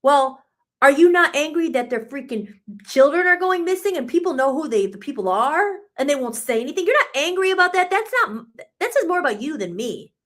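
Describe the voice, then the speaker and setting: A woman's voice: sits high, big pitch swings, fairly quick, fairly bright tone. A woman co-hosting a live talk radio show, speaking with emphatic, sarcastic, profane frustration. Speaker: radio co-host. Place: radio studio.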